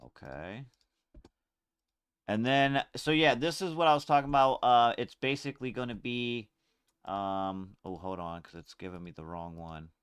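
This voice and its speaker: A man's voice: medium pitch, normal speed, clear, resonant tone, no room sound. A man hosting a casual podcast, chatting loosely in slang while sorting out clips on screen. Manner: laid-back slang-heavy chatter, fumbling with screens. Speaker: podcast host.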